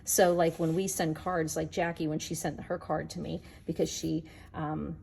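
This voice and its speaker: Chatty woman with a gravelly low voice. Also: little pitch movement, normal speed, darkish tone. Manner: chatty, talks to viewers while working. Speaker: card-making demonstrator. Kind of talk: casual crafting tutorial.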